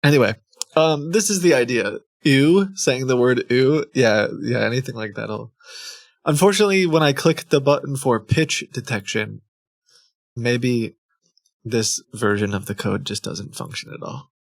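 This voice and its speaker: A man's voice: medium pitch, moderate pace, creaky, dry recording, studio quality. A man live-streaming, chatting casually to his viewers, rambling and cutting himself off, often laughing at himself.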